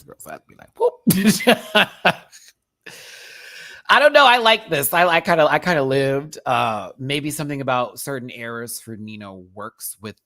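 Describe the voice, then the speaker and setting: A man hosting a live review stream in a campy, expressive, chatty manner, laughing often. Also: mid-range voice, no echo, clean studio sound. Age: adult, remembers childhood. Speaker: host reviewing a TV competition. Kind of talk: live-stream commentary chat.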